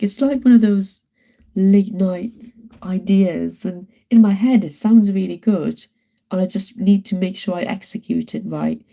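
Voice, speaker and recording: A woman's voice: mid-range voice, very animated, unhurried, dark tone. A woman with a British accent, chatting casually to viewers on a live stream from home while she paints, greeting and thanking them by name. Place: at home, indoors.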